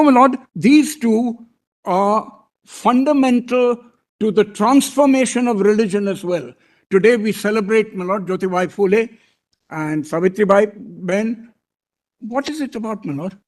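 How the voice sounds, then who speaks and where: A man with an Indian English accent argues before a court bench, his voice sitting fairly high for a man. He speaks in a deliberate, deferential way, repeatedly addressing the judges as he builds his legal point. The delivery is measured courtroom advocacy. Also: a little mellow.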